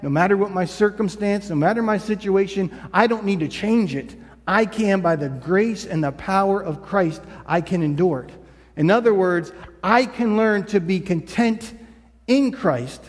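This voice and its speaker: A man delivers a sermon with a high voice in a lingering, echoing church hall. He preaches conversationally and acts out short quoted lines along the way. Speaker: pastor. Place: church sanctuary.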